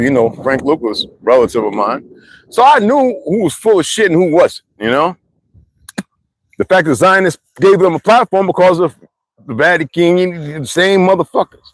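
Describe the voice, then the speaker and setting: A man telling rambling, profane stories in a casual monologue, full of asides and sudden swings from low mutters to high exclamations. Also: no echo. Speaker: channel host.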